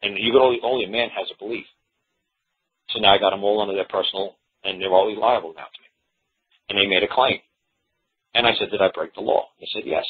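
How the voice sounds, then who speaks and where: Fast-talking husky man over a phone line. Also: on the low side. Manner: quotes courtroom exchanges in animated back-and-forth; repeats himself with frequent restarts. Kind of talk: storytelling monologue. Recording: tinny phone-line radio recording.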